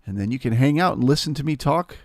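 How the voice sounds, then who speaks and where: A man's voice: medium pitch, animated, fast talker, dry recording, studio quality. A man with a nasal voice hosting a live trading room, explaining market levels in a matter-of-fact way.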